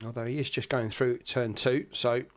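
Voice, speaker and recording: A man's voice: mid-range voice, moderate pace. Male sim racing commentator, conversational live play-by-play, mid-range voice. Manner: chatty, relaxed, many fillers.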